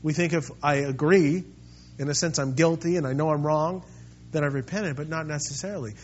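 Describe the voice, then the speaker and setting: Impassioned high-voiced male preacher. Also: brisk, dull audio. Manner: swings from quiet and intimate to loud and impassioned. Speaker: pastor. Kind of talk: sermon.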